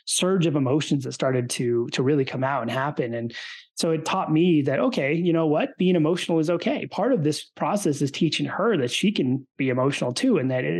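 Earnest, animated man guest. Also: a little high, breathy edge. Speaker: podcast guest. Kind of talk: casual interview talk.

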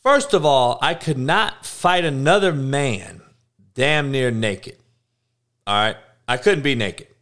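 On his solo podcast, a man with an expressive, slightly bright mid-range voice rants at a slow pace. He gets blunt and heated, swears heavily, rambles, and often restarts his sentences.

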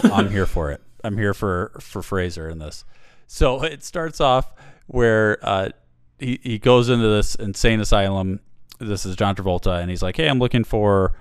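A man with a low, smooth voice, talking casually and rambling as he retells a film's story. He stumbles and restarts often. The sound is dry and close, with no room echo. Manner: rambling, many fillers and restarts. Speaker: podcast host reviewing a film. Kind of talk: casual chat.

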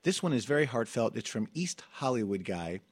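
Campy husky man hosting a podcast. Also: medium pitch, very animated, a little fast, dry recording. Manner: campy, playful, laughs often. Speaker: podcast host. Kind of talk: casual comedic chat. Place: studio.

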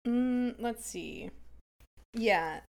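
A woman's voice: on the high side, very slow, vocal fry. A woman playing in a tabletop game, nervous and self-doubting. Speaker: player. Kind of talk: casual tabletop role-play.

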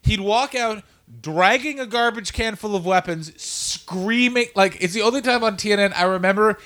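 A man co-hosting a podcast, telling stories in a profane, animated way and slipping into quoted voices. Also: high-pitched, normal speed. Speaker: podcast co-host. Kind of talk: casual podcast chat.

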